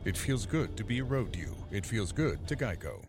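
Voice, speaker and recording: A man reading an insurance ad voice-over in a smooth announcer manner. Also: lowish voice, big pitch swings, normal speed. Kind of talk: scripted ad voice-over. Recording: voice-over with music bed.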